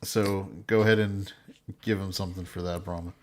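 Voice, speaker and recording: A man with a very deep voice reads viewer messages aloud on a livestreamed talk show. He is blunt and mocking in casual banter and laughs often. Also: steady tone, moderate pace, a little hiss or hum. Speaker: co-host reading super chats.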